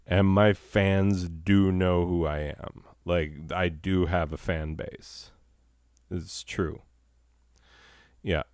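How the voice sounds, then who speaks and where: A man's voice: low-pitched, darkish tone, clear, resonant tone, no echo, clean studio sound. A man hosting a comedy show, rambling through improvised, self-mocking banter full of fillers.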